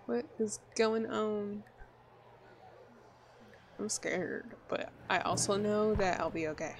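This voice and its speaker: A woman's voice: mid-range voice, slow, a little hiss or hum. A woman playing a game and reacting aloud with crude jokes as she goes. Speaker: gamer. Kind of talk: let's play commentary.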